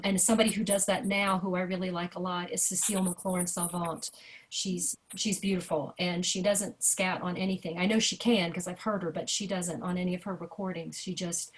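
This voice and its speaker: Woman, jazz vocal teacher, video-call workshop, lively and hands-on. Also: fairly low pitch. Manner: chatty, animated, sings rhythm syllables to demonstrate. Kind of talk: online workshop lesson.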